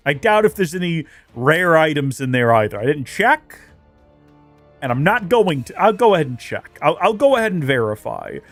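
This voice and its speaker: A man's voice: fairly high pitch, big pitch swings, normal speed, soft background music. Wry man joking through a game stream. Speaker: let's play streamer. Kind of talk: casual gameplay commentary.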